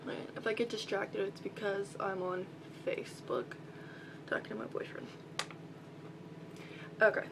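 Slow-talking Southern young woman, laptop hum. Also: medium pitch, little pitch movement, creaky. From Albany, Georgia, US. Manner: chatty, reads list aloud, rambling asides. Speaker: vlogger. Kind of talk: casual accent-tag video. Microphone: built-in laptop mic. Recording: loud hum and static from a laptop mic.

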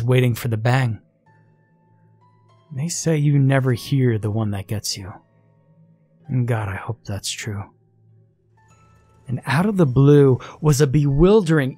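Slow, husky man narrating horror. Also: medium pitch, dark tone, no room sound, soft background music. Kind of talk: first-person horror story narration.

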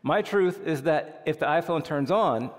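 A man co-leading a conversational sermon in a church, animated and reflective, chuckling along. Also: a little high, moderate pace. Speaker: co-pastor. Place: church sanctuary. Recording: reverberant church hall.

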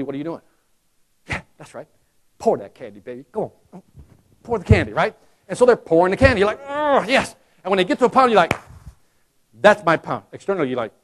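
A man giving a lively sales training talk to a live audience, acting out customer voices and joking with the crowd. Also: high-pitched. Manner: animated, acts out customer voices, jokes with the crowd. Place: conference hall.

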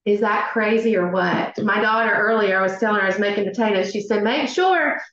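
A middle-aged woman with a Southern US accent hosting a live cooking class, chatty and excitable, with many fillers. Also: medium pitch, quick pace. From Southern United States. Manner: chatty and excitable, many ums, says y'all. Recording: echoey room, dull lo-fi sound.

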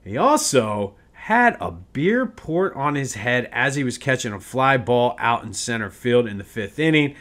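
Male sports podcast host, mid-pitch, agitated rant, stumbling restarts. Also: big pitch swings, unhurried, hardly any pauses, fairly bright tone. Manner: worked-up ranting with restarts. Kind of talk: casual solo sports podcast.

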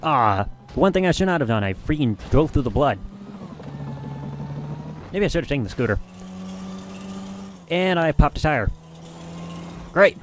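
A man from Michigan giving excitable, mildly profane commentary while live streaming a video game. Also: a little high, moderate pace, pauses often. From Michigan, USA. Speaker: gaming streamer. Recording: game noise underneath. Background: game sounds.

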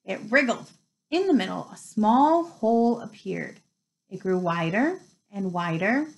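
A woman's voice: medium pitch, animated, measured pace, poor audio. A woman reading a children's novel aloud, telling the story expressively. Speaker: reader.

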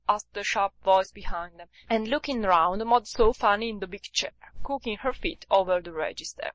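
A woman's voice: mid-range voice, moderate pace, few pauses, dry recording, poor audio. Woman narrating a classic novel, dry sound. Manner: steady storytelling read. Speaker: audiobook narrator.

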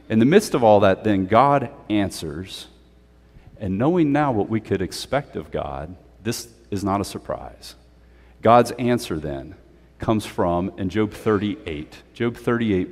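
A male pastor preaching a sermon in a conversational, animated way, with playful asides. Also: fairly low pitch, big-room sound. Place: church sanctuary.

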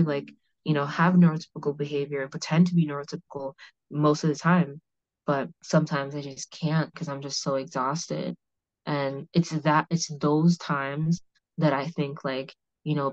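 A woman's voice: deep voice, darkish tone, no room sound. A woman hosting a podcast, talking frankly and rambling with lots of "like" fillers. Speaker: podcast host. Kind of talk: candid conversational discussion. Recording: slightly muffled audio.

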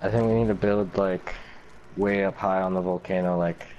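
A man's voice: normal speed, lo-fi sound, a little hiss or hum. A young man streaming a game and chatting with teammates over a headset, swearing a lot and getting frantic. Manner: swearing, excitable, often frantic and high-pitched when chased. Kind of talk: live gameplay chat with teammates.

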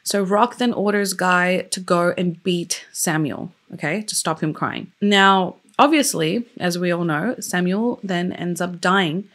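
Young woman, casual storyteller, low-ish voice, chatty and emotional with lots of fillers. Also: measured pace, hardly any pauses, fairly bright tone. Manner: chatty, loose, many fillers; openly emotional about the story. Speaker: true crime YouTuber.

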